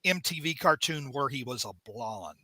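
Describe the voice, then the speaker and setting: A man hosting a casual comic book review show, jokey and animated, acting out scenes as he recaps. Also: mid-range voice, normal speed, crowd noise. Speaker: podcast host.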